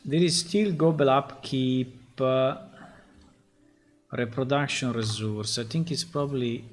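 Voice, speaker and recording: A man, a game developer, thinking aloud as he reads through code, halting and muttering puzzled asides to himself. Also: mid-range voice, soft background music.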